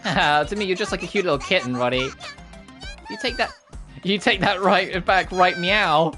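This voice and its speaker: A woman's voice: fairly low pitch, moderate pace, fairly bright tone, voice pushed up, close to an everyday voice. A woman voicing a cocky young female cat detective who teases and makes cat puns, reading a game's dialogue over its music. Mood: teasing. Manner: boastful, teasing, cat puns. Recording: game music behind.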